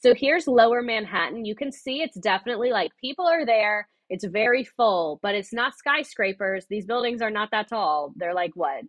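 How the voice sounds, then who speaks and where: A woman's voice: medium pitch, lively intonation, moderate pace, hardly any pauses, dry recording. Chatty, profane young woman streaming a history lesson. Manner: chatty, profane, tangent-prone. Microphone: wireless earbuds.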